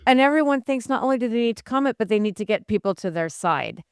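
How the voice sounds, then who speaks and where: A woman hosting an interview, chatty with animated asides. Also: a little high, quick pace, clear, resonant tone, dry recording, studio quality. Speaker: host. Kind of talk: interview conversation.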